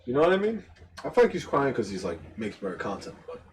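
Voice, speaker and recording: A man's voice: medium pitch, very animated, fast talker, a little mellow, slight background noise, low-quality recording. A man streaming his reactions in casual commentary, musing and thinking aloud.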